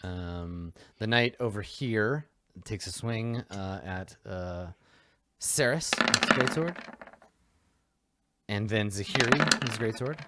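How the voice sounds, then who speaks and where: A man's voice: on the low side, slow pace, very noisy. A man running a tabletop game as game master, narrating the action casually with many fillers.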